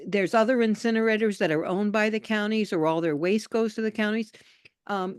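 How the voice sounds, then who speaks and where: A woman from New York state joining a video call, chatty and animated, often trailing off into quieter asides. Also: mid-range voice, clear, resonant tone, dry recording, clean studio sound. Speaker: call participant, activist. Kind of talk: casual video call conversation.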